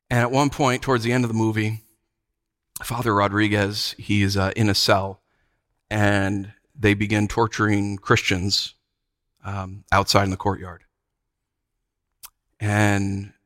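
A man's voice: lowish voice, fairly bright tone, dry recording, clean studio sound. A male pastor giving a sermon, telling a story earnestly and repeating phrases for emphasis.

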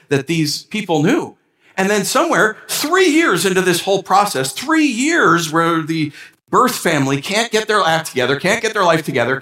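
A man preaching a sermon as a pastor, animated and acting out complaints to God with a rising voice. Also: sits high, echoey room.

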